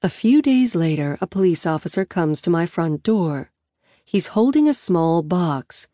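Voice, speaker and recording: An audiobook narrator reads a novel aloud in the first person, her fairly low, warm voice intimate and reflective yet animated. She goes a little slow, and the recording is close and dry with no room sound.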